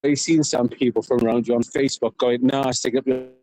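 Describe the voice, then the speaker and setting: A man's voice: mid-range voice, steady tone, a little fast, warm tone, poor audio. A man with a Welsh accent from South Wales, vlogging while he walks around town. He rambles, laughs often and keeps asking "you know what I mean". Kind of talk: rambling walk-and-talk vlog. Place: outdoors, walking around town.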